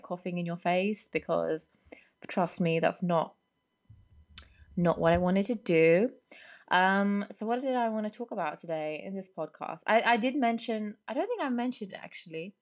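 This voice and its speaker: Low, hoarse young woman. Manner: rambling and chatty, many fillers. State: hoarse from a cold. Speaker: podcast host. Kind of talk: casual solo podcast chat. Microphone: podcast microphone.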